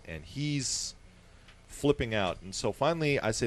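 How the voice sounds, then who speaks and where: A man in a radio studio tells a story in casual talk-show fashion. His pitch is average for a man, and his delivery is loose and conversational. He keeps a wry, joking edge and slips into voices for the people he quotes. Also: expressive, normal speed.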